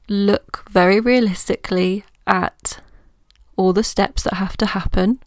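A woman coach speaks slowly and gently on her solo podcast, reassuring the listener as she thinks aloud. Her voice has a low gravelly fry at the edges. The sound is close and dry, with no room echo. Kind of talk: reflective solo podcast talk.

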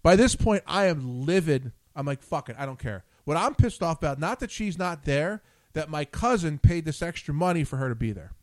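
A man's voice: on the high side, animated, moderate pace, no room sound. A man hosting a chat show, telling a long story with lots of swearing and acted-out quotes. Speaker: show host. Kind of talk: casual chat.

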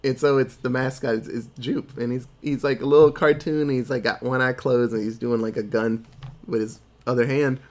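A man on a podcast casually retelling a film's plot and putting on quick voices for the characters. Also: medium pitch, fairly even intonation, a little mellow. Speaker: podcast co-host. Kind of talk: casual movie recap.

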